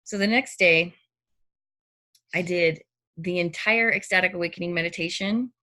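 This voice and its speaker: A middle-aged woman chatting casually, her voice bright and forward and set a touch low. She tells her story in an animated way, and she often slips into quoted reactions as she goes. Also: moderate pace. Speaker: storyteller in a personal conversation. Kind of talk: casual chat.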